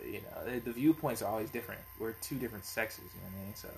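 A man co-hosting a casual podcast chat, telling a story in an animated, blunt, slangy way. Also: on the low side, very fast, gravelly, slight background noise, rough recording.

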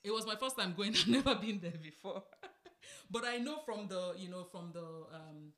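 Bright-voiced Nigerian woman telling stories. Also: mid-range voice, normal speed. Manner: animated, laughs often while telling stories. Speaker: podcast co-host. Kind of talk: casual storytelling chat.

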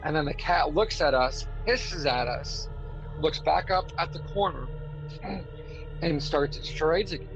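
A man's voice: a little high, a little slow. Laid-back man telling spooky stories. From Arkansas, US. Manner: laid-back storyteller with frequent fillers. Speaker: podcast co-host. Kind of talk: casual storytelling chat. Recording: dull lo-fi audio with loud music behind.

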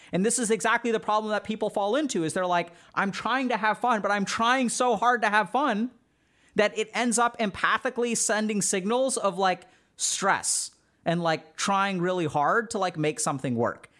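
Male streamer, higher-pitched, relaxed lecturing tone, chatty filler-heavy delivery. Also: moderate pace. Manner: loose and conversational, heavy use of "like". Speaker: streamer teaching social skills. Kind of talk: casual spoken lecture to a live chat.

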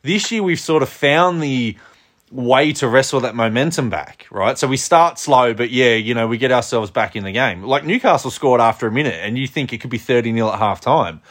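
A man in casual sports chat, animated and swearing, with many restarts. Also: mid-range voice, a little fast. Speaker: podcast co-host.

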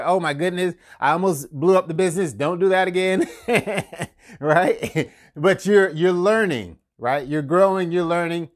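A man with a high-pitched voice hosts a marketing podcast and coaches listeners on business. He talks in a lively, conversational way, chuckles often and hammers home catchphrases. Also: unhurried. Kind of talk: casual motivational talk.

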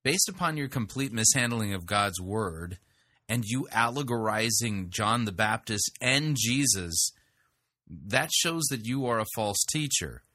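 A man's voice: fairly low pitch, expressive, measured pace, sharp tone, no room sound, studio quality. A man commenting on sermon clips, blunt and sarcastic in his interjections. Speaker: sermon reviewer. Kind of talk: critical commentary over clips.

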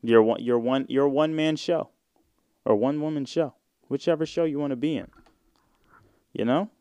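A man's voice: mid-range voice, moderate pace, warm tone, smooth, no room sound. A man in his twenties hosting a casual solo podcast, rambling in slang with plenty of fillers and swearing. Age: 20s. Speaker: podcast host.

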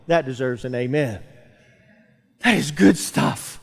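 Male pastor, sermon, slightly high voice, emphatic delivery, long church reverb. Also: lively intonation, a little slow, slightly rough. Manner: preaching with rising emphasis and calls to the congregation. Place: church sanctuary.

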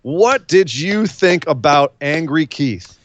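A man co-hosting a casual wrestling podcast, telling match stories with energy and quick asides. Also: fairly high pitch, a little hiss or hum. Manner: animated storyteller, mimics wrestlers' voices. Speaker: podcast co-host. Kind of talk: casual wrestling recap chat.

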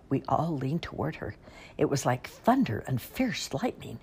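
A woman reading a story aloud in an unhurried storybook narration. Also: a bass voice, big pitch swings, creaky, darkish tone, slight background noise.

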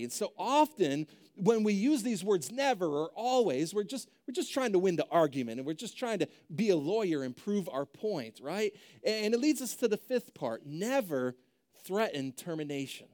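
A man's voice: high voice, very animated, moderate pace, darkish tone. A young adult male pastor preaching a sermon in a conversational way, often checking in with "right?".

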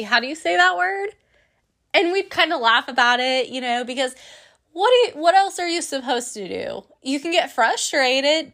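A young adult woman telling a candid personal story in a lively, emotional way, acting out what her friends said. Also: a little high. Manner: candid, emotional, lively retelling with quoted voices.

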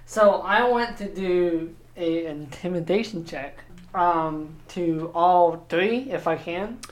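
A man's voice: sits high, slow. A man taking his turn as a player in a tabletop game, hesitant and unsure as he speaks. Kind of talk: casual tabletop game play.

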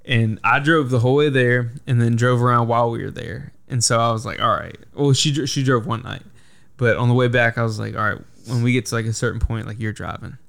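A man's voice: mid-range voice, fairly even intonation, fairly quick, gravelly, fairly bright tone. A young man hosting a podcast, telling a long story in a rambling casual way, full of "like" and swearing. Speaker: podcast host. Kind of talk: casual chat.

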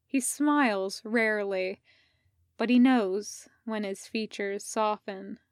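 A woman reading fan fiction aloud in an even, measured storytelling manner. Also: mid-range voice, no room sound, clean studio sound. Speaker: podfic reader.

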